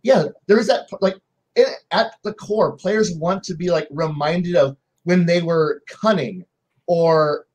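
A man on a game-master panel telling stories about his players in casual chat, acting out their lines in quick voices. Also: fairly high pitch, darkish tone, poor audio.

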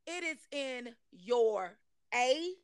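A woman hosting a casual podcast, lively and cheering on her guest call-and-response style. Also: sits high, very slow, a crowd in the background. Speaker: podcast host.

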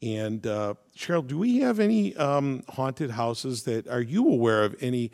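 A man's voice: mid-range voice, lively intonation, measured pace, vocal fry, a little mellow. A man, co-hosting a casual chat and telling a story with jokes along the way. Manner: chatty, joking storyteller. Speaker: podcast co-host.

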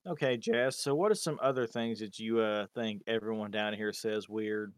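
A man's voice: on the low side, moderate pace, clear, resonant tone, no room sound, studio quality. A man with a Southern American accent, talking bluntly and joking with lots of swearing in a casual chat as podcast host.

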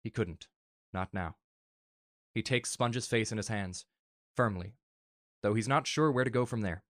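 A man earnestly reading a fan story aloud in a soft, emotional way. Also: on the low side, measured pace, dry recording, studio quality. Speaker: narrator.

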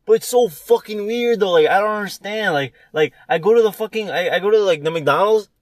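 A man's voice: high-pitched, a little fast, dry recording. A young man in a profane casual chat, laughing often and acting out voices in his stories.

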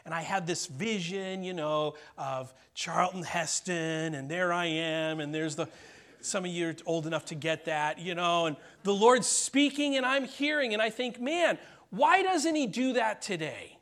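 A middle-aged man preaching a sermon in a conversational way, often checking in with "okay?" and dropping to soft, quiet words for emphasis. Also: a little high. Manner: conversational preaching, frequent "okay?" check-ins, dramatic pauses and soft drops. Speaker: pastor.

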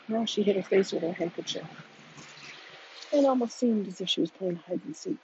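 Gravelly, very husky novel narrator. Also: medium pitch, normal speed, long pauses, darkish tone, muffled recording. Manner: dramatic, slipping into whispers. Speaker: audiobook narrator. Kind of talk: reading a novel aloud.

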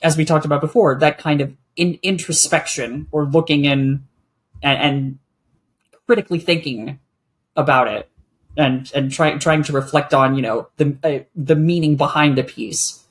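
A podcast guest who talks reflectively in a casual conversation and often pauses to find words. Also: mid-range voice.

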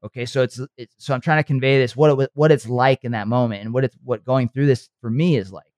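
A man in a motivational podcast talk, speaking earnestly like a coach and pausing to check that his listener follows. His voice sits at an ordinary middle pitch and is recorded close and dry, with no room around it. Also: fairly even intonation, darkish tone, no echo. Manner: earnest, coaching, checks in with frequent "okay" and "right".

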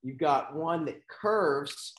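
A man's voice: fairly high pitch, takes it slowly. Laid-back male podcast co-host. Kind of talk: casual chat.

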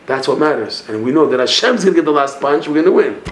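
A man giving a Breslov Torah class, telling stories in an animated way and dropping in Hebrew and Yiddish terms. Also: on the high side, fast, a little hiss or hum. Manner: animated storytelling, mixing Hebrew and Yiddish terms, laughs at punchlines. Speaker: Breslov teacher. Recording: echoey room with faint ambience.

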